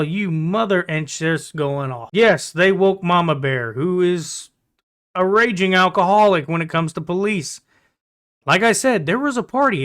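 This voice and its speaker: Dude telling a story, high bright voice, swears a lot, blunt. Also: male voice. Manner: blunt, profane, exasperated. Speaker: storytelling vlogger. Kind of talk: casual storytelling.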